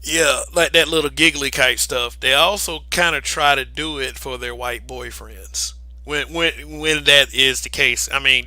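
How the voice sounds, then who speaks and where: A man's voice: mid-range voice, sharp tone, dry recording, poor audio. A man co-hosting a casual podcast discussion, talking emphatically with frequent restarts. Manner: emphatic, many restarts, laughs between points. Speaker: podcast co-host.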